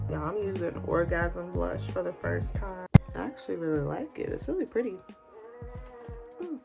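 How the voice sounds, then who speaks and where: A young woman telling a casual, lively story while doing her makeup, slipping into colloquial speech and acting out the people she quotes. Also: lowish voice, moderate pace, creaky, loud music behind the voice. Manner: animated, colloquial, acts out quotes. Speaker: beauty vlogger.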